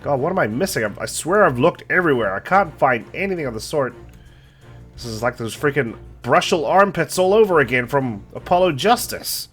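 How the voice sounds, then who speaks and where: A young man hosting a let's play, reading game dialogue aloud and reacting between lines in an animated, joking way. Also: on the high side, fairly quick. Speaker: gaming channel host. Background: faint game music.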